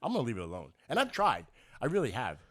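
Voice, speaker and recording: Animated, loud-laughing man chatting on a podcast. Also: mid-range voice, fast talker. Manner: animated storyteller, laughs loudly, swears. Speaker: podcast co-host. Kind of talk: casual chat.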